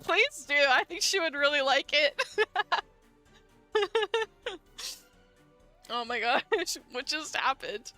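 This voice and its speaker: A woman's voice: high voice, big pitch swings, slow pace, long pauses, sharp tone, faint music behind. A woman streamer playing a dating sim, reading it aloud and laughing often as she comments.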